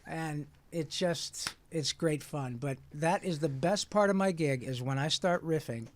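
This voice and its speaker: A man in his sixties from Michigan, a voice actor guest telling lively stories in conversation and slipping into playful character voices. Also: on the high side, unhurried, slight background noise. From Michigan, USA. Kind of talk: animated storytelling in conversation.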